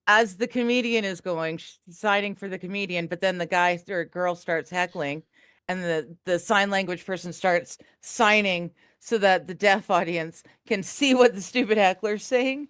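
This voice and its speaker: A woman's voice: medium pitch, moderate pace, a bit bright, clean tone, dry recording, studio quality. A woman co-hosting a live stream, reading chat comments aloud and teasing the host with frequent giggles.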